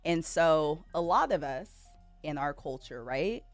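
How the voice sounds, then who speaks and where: Woman host, casual stream rant, rhetorical and animated, dry close mic. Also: low-pitched, a little slow, dry recording, faint music behind. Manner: animated ranting, rhetorical questions.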